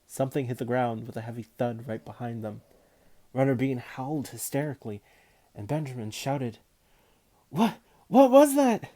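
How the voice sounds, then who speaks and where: A man narrating a children's storybook aloud, calm and measured. His voice is dark and mellow, at an ordinary middle pitch. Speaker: audiobook reader.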